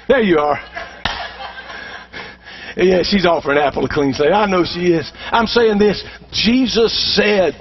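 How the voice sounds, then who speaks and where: A man preaching a sermon as pastor, calling on the congregation to answer back and building up to shouted passages. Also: high-pitched, husky, dull audio. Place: church sanctuary.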